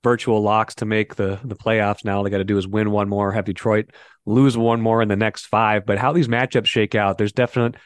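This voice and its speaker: A man's voice: fairly low pitch, little pitch movement, brisk, no echo. A man hosting a casual sports podcast, chatty and teasing, often restarting his sentences. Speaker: podcast host.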